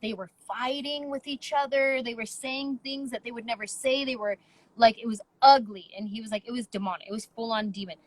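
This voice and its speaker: Woman podcast host, slightly high voice, big emphatic storytelling, casual chat. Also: dry recording, low-quality recording. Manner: animated, emphatic storytelling with quick asides.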